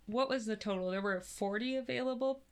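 A woman's voice: on the high side, a little fast, clean tone. A young woman, a community theater actor, chatting casually as an interview guest and laughing easily.

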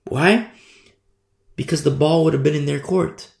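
Gravelly-voiced preacher man in an echoey room. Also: a little high, measured pace, a little mellow. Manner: preaching, repetitive, emphatic rhetorical questions. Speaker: pastor. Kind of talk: sermon.

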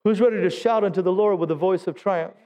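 A middle-aged man leads a Pentecostal sermon in a church, pitching his voice high as he urges the congregation to answer him. He breaks up the exhortation with jokes at his own expense. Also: fast, warm tone, slight background noise. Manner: exhorting, calls for audience response; self-deprecating humor. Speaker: pastor. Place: church sanctuary.

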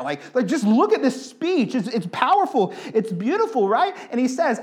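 A man in his thirties, a pastor preaching an animated sermon and driving points home by repeating phrases. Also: extremely high pitch, moderate pace.

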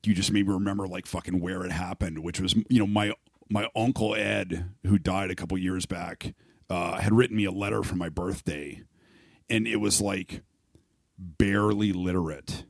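A man's voice: low voice, fairly even intonation, normal speed, creaky, no room sound, studio quality. A middle-aged man from Saskatchewan, talking casually and candidly as a podcast host, swearing often and restarting his sentences. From Saskatchewan, Canada. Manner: profane, rambling, many restarts.

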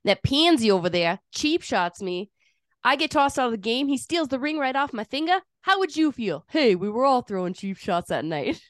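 A woman's voice: on the high side, big pitch swings, normal speed, fairly bright tone, dry recording, clean studio sound, voice pushed up. A woman doing an impression of a brash young male college hockey player from Boston, with a put-on Boston accent and a cocky, heated way of talking.

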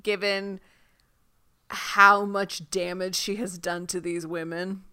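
A woman co-hosting a podcast in casual chat, joking about a TV show with animated, exaggerated outrage. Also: mid-range voice, slow pace, clean tone. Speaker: podcast co-host.

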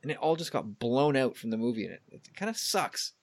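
Male podcast host, casual chat, animated and quick, average pitch, frequent restarts.

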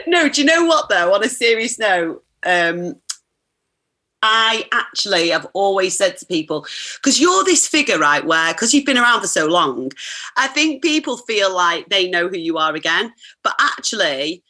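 A woman, chatting as a podcast guest, effusive and quick to laugh. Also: mid-range voice, very animated, pushed and bright. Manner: effusive, laughs often, talks in quick restarts. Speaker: podcast guest, sports presenter. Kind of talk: casual chat.

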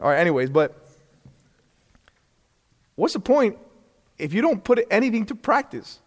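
A man's voice: high-pitched, sing-song, normal speed, long reverb tail. A man teaching a church class in a casual, earnest way, asking rhetorical questions and chuckling between points.

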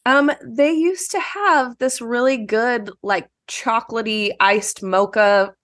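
A woman's voice: a little high, takes it slowly, fairly bright tone, no echo, clean studio sound. A woman on a podcast panel, chatty and sharing fun facts. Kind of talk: casual chat.

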